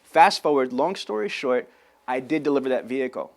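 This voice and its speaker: A man giving an energetic sales training talk on camera, telling stories and acting out phone calls. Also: mid-range voice, brisk. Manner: animated storyteller, acts out phone calls.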